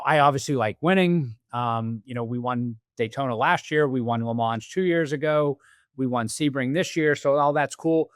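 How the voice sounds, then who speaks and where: A man's voice: mid-range voice, a bit bright, clean tone, no room sound, clean studio sound. A man as a podcast guest, telling stories and acting out quoted dialogue in a conversational interview. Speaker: podcast guest, business executive.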